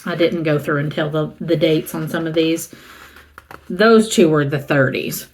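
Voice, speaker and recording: A woman's voice: sits low, fairly even intonation, measured pace. A middle-aged woman from the American South, chatting casually and rambling as she shows a used book haul and reads the titles aloud. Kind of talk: casual chat.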